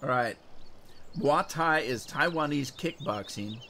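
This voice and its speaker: While playing a game, a male streamer chats casually with his live chat, rambling and answering questions as he goes. His mid-range voice is slow and sharp in tone, with noisy game audio behind him.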